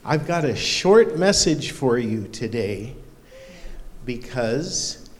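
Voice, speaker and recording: A male pastor giving a children's sermon in a church, warm and playful, quizzing the kids with questions. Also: fairly high pitch. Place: church sanctuary. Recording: long hall reverb in a church.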